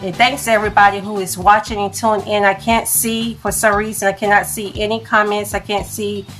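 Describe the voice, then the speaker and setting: Woman host, casual phone livestream, halting delivery with restarts, soft music underneath. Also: medium pitch, little pitch movement. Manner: halting, restarts and stumbles over words. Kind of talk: casual live talk.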